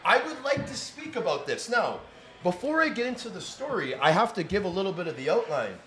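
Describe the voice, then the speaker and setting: A man's voice: sits high, very animated, fairly quick, fairly bright tone, a little hiss or hum. A man from Canada hosting a podcast, talking in an enthusiastic, emphatic way in a studio inside a sports bar. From Toronto, Canada. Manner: enthusiastic, emphatic, repeats for stress. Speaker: podcast host. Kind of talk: casual interview chat.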